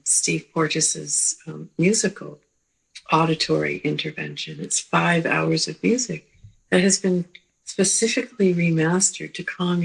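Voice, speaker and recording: Gravelly, husky-voiced woman clinician teaching. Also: low voice, poor audio. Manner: slow, gentle, with pauses and repeated "right?". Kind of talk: teaching talk.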